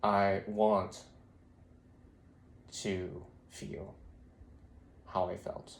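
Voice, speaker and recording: A man's voice: low voice, level tone, very slow, gravelly, slightly rough. A young man vlogging, congested and throaty, musing aloud in a meandering way full of fillers. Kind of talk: rambling reflective vlog. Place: lying on his side, later standing. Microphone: phone.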